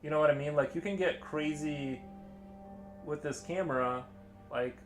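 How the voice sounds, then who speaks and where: A man's voice: a little high, normal speed, soft background music. A man live-streaming while he paints, chatting casually in a rambling, hesitant way full of fillers and restarts.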